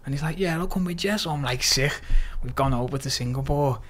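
A man's voice: mid-range voice, a little fast. Scouse man telling a story. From Liverpool, England. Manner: lively retelling with quoted dialogue and frequent swearing. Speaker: podcast guest. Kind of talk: casual storytelling interview.

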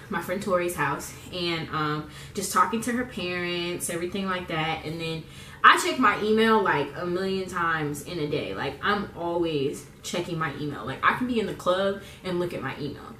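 A woman's voice: on the low side, pushed and bright, echoey room, distant mic, slight background noise. A young woman chatting in a rambling, casual way full of fillers while getting ready on camera. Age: young adult. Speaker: beauty vlogger. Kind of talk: casual get-ready-with-me chat.

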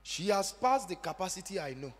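Fervent high-voiced preacher. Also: male voice, sing-song, fairly quick, breathy edge, long reverb tail. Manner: fervent, shouting and sing-song emphasis. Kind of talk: sermon.

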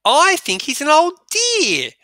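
A man reading the lines of a sensible, motherly girl in a high, prim voice, slowly for dictation. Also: huge pitch swings, sharp tone, no echo, studio quality, exaggerated voice.

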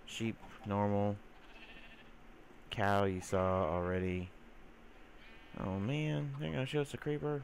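Fairly low and slow, with vocal fry and long pauses, this gamer speaks over slight background noise. He rambles casually with many fillers and occasionally coos teasingly at his game's mobs.

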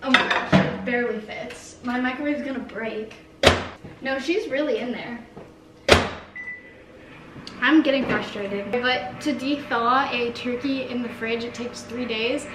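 A woman's voice: a little high, steady tone, normal speed, reverberant, very noisy. A young woman rambling chattily through a cooking vlog, mocking herself as she goes. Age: young adult. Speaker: vlogger.

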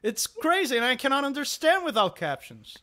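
Bright-voiced Brazilian man chatting. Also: extremely high pitch, big pitch swings, brisk. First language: Portuguese. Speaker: podcast co-host. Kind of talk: casual chat.

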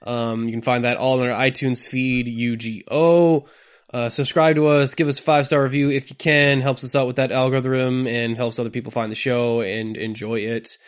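A man's voice: mid-range voice, fairly even intonation, moderate pace. Man, podcast host, chatty, casual, laughs between remarks.

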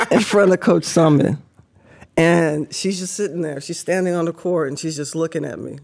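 Lively woman telling a story with laughs. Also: low-pitched, normal speed, gravelly, breathy edge. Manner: lively, laughs often, acts out quoted voices. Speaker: podcast guest. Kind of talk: animated storytelling.

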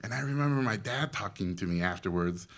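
A Mexican-accented man in his forties, appearing as a guest speaker and animation director, tells students animated stories and takes on the voices of the people in them. His fairly low voice sounds bright and forward with a ringing edge, and he talks briskly.

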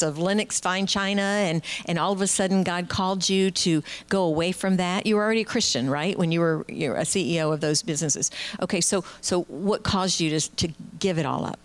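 A woman hosting a Christian talk show, affirming her guests and asking for their stories. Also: on the low side. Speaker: host.

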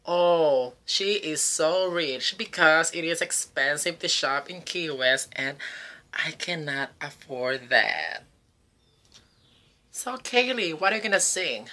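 A man's voice: on the high side, expressive, a little slow, hardly any pauses, bright, forceful tone. A man, a karaoke host, telling campy jokes in a vlog monologue. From Philippines. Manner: campy, joking, teasing. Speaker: cruise ship karaoke host.

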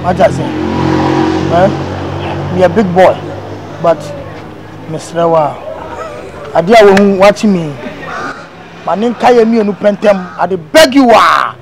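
An actor in a comedy skit playing a boastful young engineering student who speaks Ghanaian pidgin and brags, then begs. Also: male voice, high-pitched, unhurried, long pauses, noisy background. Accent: Ghanaian pidgin English. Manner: bragging, pleading. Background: afrobeat music.

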